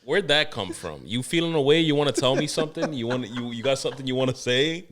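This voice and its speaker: A man in his thirties hosting a podcast, talking in a loose, animated and profane way, often laughing. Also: medium pitch, quick pace. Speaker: podcast host. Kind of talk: casual chat.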